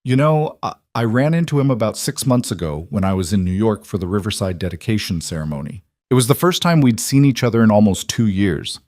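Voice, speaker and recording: A man voicing a composed, reflective woman in a narrated story, speaking in a calm, measured way. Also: fairly low pitch, dry recording, clean studio sound, natural voice. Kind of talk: audiobook narration.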